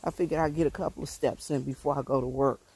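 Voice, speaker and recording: A woman's voice: deep voice, fairly even intonation, fast talker, darkish tone, breathy edge. Breathless woman vlogging on a walk. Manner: folksy, preachy, addresses viewers as y'all. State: a bit out of breath. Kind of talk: casual livestream walking talk. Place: outdoors on a rural road.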